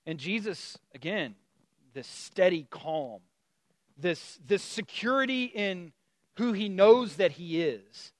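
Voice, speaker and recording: High-voiced man preaching casually. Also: takes it slowly, dry recording. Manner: conversational, animated storytelling with many fillers and restarts. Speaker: pastor. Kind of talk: sermon.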